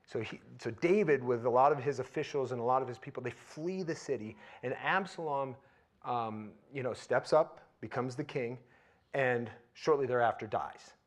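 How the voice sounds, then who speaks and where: A man preaching a sermon in a conversational way, turning animated and loud when he retells scenes. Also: mid-range voice, normal speed.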